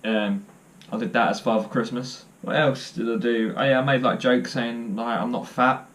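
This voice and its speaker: A man's voice: mid-range voice, fairly even intonation, normal speed. A young man telling stories to camera in a casual vlog, joking and self-deprecating as he rambles. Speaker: vlogger.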